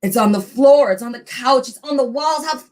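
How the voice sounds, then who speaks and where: A woman telling a ghost story in an expressive, animated storytelling style. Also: high voice, normal speed. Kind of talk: dramatic oral storytelling.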